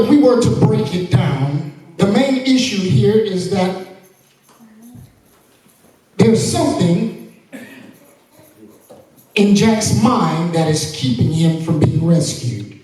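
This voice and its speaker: A man's voice: fairly high pitch, dark tone. A male pastor preaching a sermon, telling a story and then driving home his point with emphatic, sing-song delivery. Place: church sanctuary. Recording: echoey church from far off.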